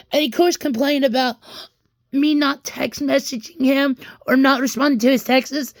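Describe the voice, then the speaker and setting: A woman's voice: high-pitched, no room sound. A young woman telling a rambling personal story in a vlog, frustrated and venting, often restarting and repeating her words. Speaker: vlogger.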